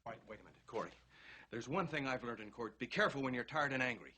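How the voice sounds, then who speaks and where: An actor playing a wry, exasperated young husband and lawyer, with a husky voice and dry, teasing delivery in a 1960s film comedy. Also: male voice, mid-range voice, animated, fast talker, pushed and bright. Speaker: husband in a marital argument.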